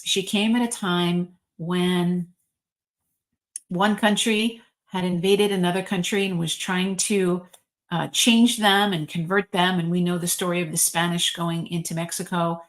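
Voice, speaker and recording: A woman, a reverend, telling a religious story in an informal spiritual talk, chatty, with frequent ums and likes. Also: lowish voice.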